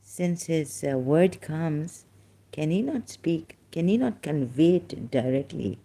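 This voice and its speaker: A man from Pakistan speaks in a solo live stream, his voice dark and mellow with a gravelly fry. He talks very slowly and haltingly, full of hesitations and trailing asides. At times he sinks into a soft whisper. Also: a little high, expressive.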